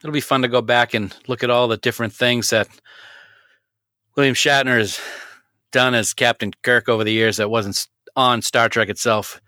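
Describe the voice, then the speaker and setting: A man's voice: mid-range voice, fairly even intonation, normal speed, pushed and bright, no room sound, clean studio sound. A man co-hosting a podcast, chatting casually and trading playful jabs. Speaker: podcast co-host.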